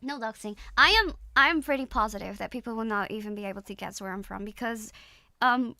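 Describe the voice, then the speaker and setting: A woman's voice: on the high side, brisk, sharp tone, no echo, studio quality. A young woman from the Netherlands with a slight Dutch accent, chatting casually and giggly as a streamer reading comments. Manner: giggly, rambling, playful.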